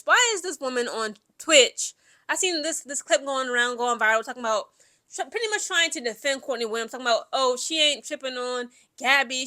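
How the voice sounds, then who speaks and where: A young adult woman, giving casual, opinionated commentary in an animated way, full of filler words. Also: sits high. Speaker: commentary vlogger.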